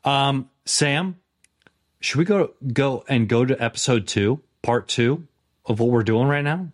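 A man's voice: mid-range voice, animated, a little slow. Wry podcast co-host man. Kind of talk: casual chat.

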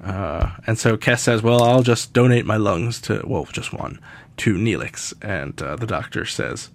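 A man's voice: fairly low pitch, unhurried, creaky. A man hosting a casual podcast, chatty, laughing often and acting out characters' lines as he recaps an episode. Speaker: podcast host.

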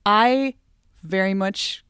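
A woman's voice: mid-range voice, slow pace, a bit bright, clean tone, dry recording, studio quality. Playful, emphatic woman hosting a podcast. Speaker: podcast host. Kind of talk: casual chat.

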